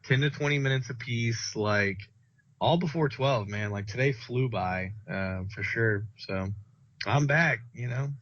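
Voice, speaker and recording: A man's voice: mid-range voice, measured pace, a bit bright. A young man talks casually with a friend, rambling through stories and slipping in swear words. His voice sits mid-range for a man. The recording is dull and lo-fi. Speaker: podcast co-host. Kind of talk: casual chat. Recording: dull lo-fi sound.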